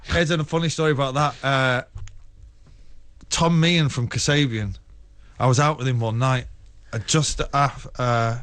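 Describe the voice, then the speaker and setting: A man's voice: medium pitch, steady tone, a little slow, fairly bright tone. Rambling man, a radio studio guest. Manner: rambling anecdotes with laughs and restarts. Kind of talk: casual radio chat.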